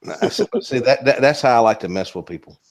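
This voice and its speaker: A man's voice: medium pitch, expressive, fast. A man with a Southern US accent, co-hosting a live stream in a casual, joking drawl that swears now and then.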